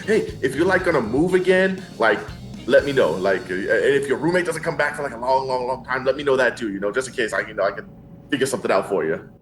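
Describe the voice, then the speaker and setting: A man's voice: medium pitch, animated, quick pace, fairly bright tone, faint music behind, natural voice. A man playing a chatty young student. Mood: friendly. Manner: casual, filler-heavy, laughs between lines. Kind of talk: tabletop role-play over phone call.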